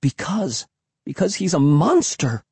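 A jumpy, frightened young boy, as a man reads him in an audiobook speaks in a hushed, anxious, drawn-out way. The voice is husky, set at an ordinary pitch and recorded dry and close. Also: animated, no room sound, heavily acted. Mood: nervous.

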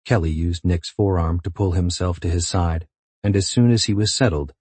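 A man narrating a novel in a measured, intimate reading. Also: low-pitched, a little mellow, breathy edge, dry recording. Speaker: audiobook narrator. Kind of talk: scripted narration.

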